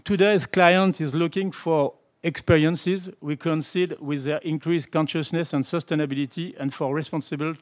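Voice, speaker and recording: A man from France speaking English with a French accent, earnest and halting as a panelist in a conference room. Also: fairly high pitch. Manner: halting, restarts phrases, earnest.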